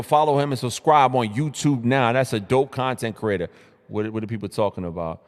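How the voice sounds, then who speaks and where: A young man from New City, hosting a casual live stream and reacting to social media posts in hyped, slangy talk full of repeated greetings and shout-outs. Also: mid-range voice, fairly quick, long reverb tail, soft background music. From New York City.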